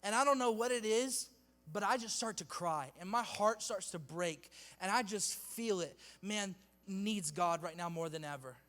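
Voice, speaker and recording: A youth pastor preaches in a casual, slangy way, teasing the crowd between points. His voice sits high for a man. A long reverb trails after him in the hall. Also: normal speed, fairly bright tone. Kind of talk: sermon. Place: church hall with youth audience.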